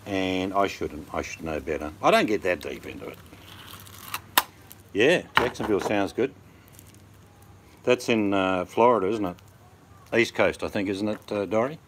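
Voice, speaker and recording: A middle-aged man with an Australian accent chats casually on a livestream. His voice sits a bit low. He rambles between topics with sardonic jokes and asides. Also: animated, normal speed, long pauses, a bit bright, slight background noise. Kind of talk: casual chat.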